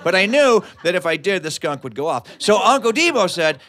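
A man's voice: high voice, sing-song, fairly quick, few pauses, fairly bright tone. A man from West Virginia telling a humorous tall tale live, with comic asides and chuckles. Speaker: storyteller. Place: studio, live audience.

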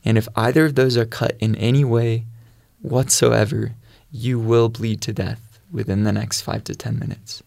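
A man's voice: mid-range voice, steady tone, normal speed, vocal fry, a little mellow, no room sound, studio quality. A man telling his faith testimony in an earnest, storytelling way. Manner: earnest storytelling, quotes his own prayers. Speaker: guest sharing testimony.

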